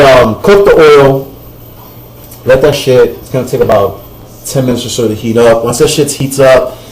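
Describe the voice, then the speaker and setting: A man's voice: medium pitch, darkish tone, a little hiss or hum, poor audio. Profane rambling man cooking at home. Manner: profane, rambling, keeps asking "you know what I'm saying". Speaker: cooking vlog host. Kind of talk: casual cooking vlog. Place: home kitchen.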